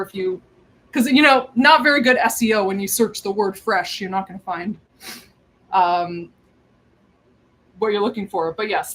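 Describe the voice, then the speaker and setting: A woman's voice: mid-range voice, fairly bright tone, rough recording. Chatty woman cooking at home. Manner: chatty, rambling, moving around the kitchen. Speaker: cooking livestream host. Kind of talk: casual chat while cooking. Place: home kitchen.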